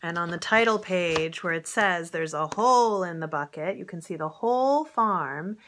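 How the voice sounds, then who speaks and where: A woman reading a picture book aloud to young children in a gentle, chatty way, pointing out the pictures as she goes. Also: fairly low pitch, animated, normal speed, slight background noise. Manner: gentle, chatty, talks straight to young listeners. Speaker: storybook reader.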